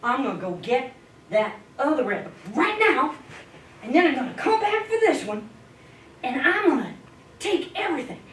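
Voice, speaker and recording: A woman's voice: high voice, big pitch swings, normal speed. A woman voicing a greedy, scheming male fox in a spoken folk tale, with a gleeful drawl. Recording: echoey room, distant mic, faint hiss.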